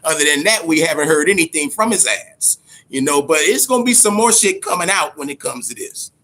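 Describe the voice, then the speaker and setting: A high-pitched man hosts a loose, profane boxing talk show. He stumbles over repeated words and keeps calling out to his listeners. His tone is bright and forceful. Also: brisk. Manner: animated, profane, repeats words, addresses audience as y'all. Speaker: boxing commentary host. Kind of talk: casual profane boxing commentary.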